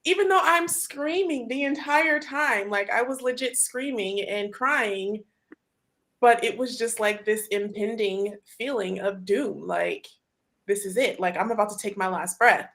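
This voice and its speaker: A woman hosts a relaxed group conversation, recounting events with lively, animated delivery. Her voice sits a little high and she scatters fillers and laughs through her talk. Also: unhurried. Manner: animated storytelling with frequent "like" and laughter. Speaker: host. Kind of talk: casual group chat.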